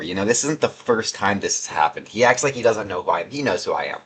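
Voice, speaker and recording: A man's voice: fairly low pitch, expressive, fast talker, fairly bright tone, slightly rough. A young man doing casual, sarcastic gaming commentary, reading out chat messages in a rambling, mocking way. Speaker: gaming video creator.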